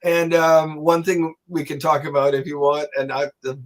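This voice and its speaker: A man telling a long personal story as a podcast guest, animated and swearing, acting out the voices of people he quotes. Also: on the high side, normal speed. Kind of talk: casual storytelling.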